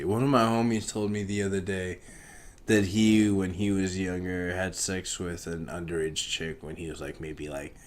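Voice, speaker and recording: A man hosting a casual solo podcast, rambling in a profane, laid-back way. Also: sits low. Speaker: podcast host.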